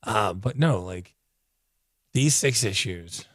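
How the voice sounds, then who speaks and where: An out-of-breath man whose voice is fading, reviewing a comic book in an excited, rambling way full of "like". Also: fairly low pitch, slow pace, no room sound, clean studio sound. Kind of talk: casual video review.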